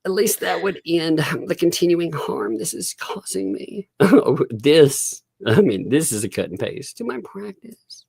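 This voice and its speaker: A man's voice: fairly high pitch, lively intonation, unhurried, creaky, hardly any pauses, darkish tone, breathy edge, no echo, clean studio sound. A man hosting a casual live-stream commentary from home, reading documents aloud and laughing often. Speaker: host.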